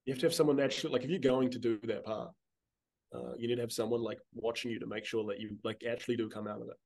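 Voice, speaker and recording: A man joins a podcast as a guest for a casual chat. He talks fast and loose, swearing freely and trailing off mid-thought, at an ordinary male pitch. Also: fairly even intonation, vocal fry, darkish tone.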